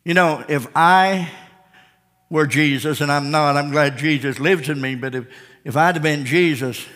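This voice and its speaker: A man preaching a sermon, calling out to the congregation and building to shouted peaks. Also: fairly high pitch, measured pace, long reverb tail. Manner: preaching with call-outs, building to shouted climaxes.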